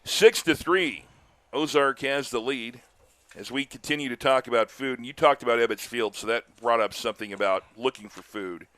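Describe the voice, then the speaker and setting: An older man doing live baseball play-by-play, chatty and telling stories between pitches, lifting his voice on big plays. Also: moderate pace, fairly bright tone, dry recording. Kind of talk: live baseball commentary with chat.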